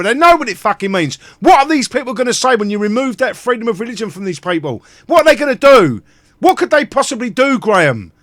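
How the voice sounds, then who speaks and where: A man's voice: high voice, fairly bright tone, dry recording. A man with a British accent hosting a live stream, ranting angrily and swearing constantly. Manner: angry, profane ranting. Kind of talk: livestream rant.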